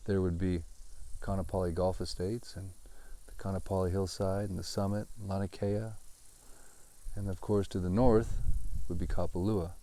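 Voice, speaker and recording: A man talks casually on a live stream from outdoors, joking and rambling in an upbeat way. His voice sits low and has a gravelly texture. Insects and crickets chirp faintly behind him. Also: dark tone. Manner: chatty, jokey, upbeat. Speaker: real estate agent. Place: outdoors on a hillside.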